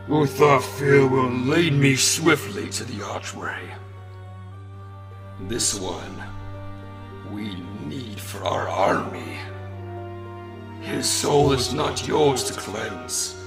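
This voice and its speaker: A man voicing an ancient, commanding male death spirit who speaks slowly and with menace in a tabletop game. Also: medium pitch.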